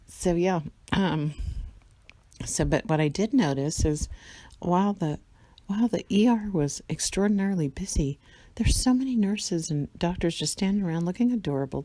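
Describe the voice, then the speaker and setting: A woman's voice: fairly low pitch, warm tone, no echo. A tired woman in a casual vlog monologue, rambling, swearing a lot and laughing often. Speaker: vlogger.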